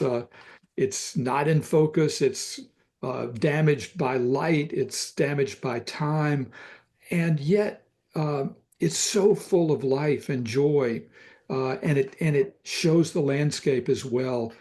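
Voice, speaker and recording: An older man with a Southern US accent, a photographer talking thoughtfully about pictures, pausing often with fillers. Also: a little high, mellow. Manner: thoughtful, halting with many fillers. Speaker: photographer guest. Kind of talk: reflective conversation about photographs.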